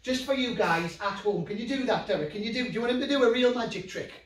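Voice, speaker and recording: Playful North East English man, children's magician, high-pitched, recorded roomy and distant. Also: fast talker, a little hiss or hum. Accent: Geordie. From North East England. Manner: playful, excitable, talks straight to the kids at home. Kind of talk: children's comedy magic show.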